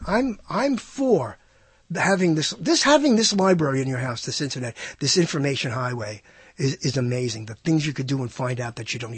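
A man's voice: a little high, breathy edge, no room sound. A man hosting a radio show, telling a rambling story in a monologue and putting on mock voices for the people in it.

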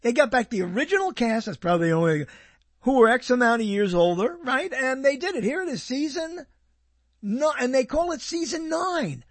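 High, animated husky man rambling. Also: normal speed, no echo. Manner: sarcastic, wandering, self-interrupting. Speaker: video host reviewing TV listings. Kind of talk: rambling casual commentary.

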